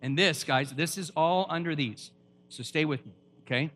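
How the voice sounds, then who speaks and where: High bright-voiced man preaching a sermon. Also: moderate pace. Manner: preachy and emphatic, quizzing the audience. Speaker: pastor.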